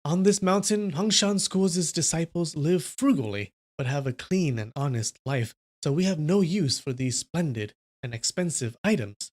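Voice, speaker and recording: A man's voice: a little high, animated, normal speed, few pauses, darkish tone. A man reading as a courteous young headmaster. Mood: earnest. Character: young male sect headmaster, carefree and polite. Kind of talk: livestream story reading.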